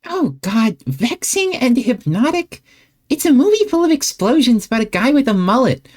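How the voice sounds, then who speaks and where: A woman's voice: on the high side, big pitch swings, moderate pace, a little mellow. A woman playing an easygoing teenage girl who teases and pushes back, upbeat and incredulous, in a fan-made comic reading.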